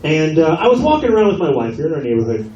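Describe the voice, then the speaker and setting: A man's voice: on the high side, rapid-fire, dull audio, a little hiss or hum. A male stand-up comedian doing a brash, profane set on a comedy club stage. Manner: brash, profane, animated delivery. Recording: echoey club from a distance with crowd. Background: audience laughter.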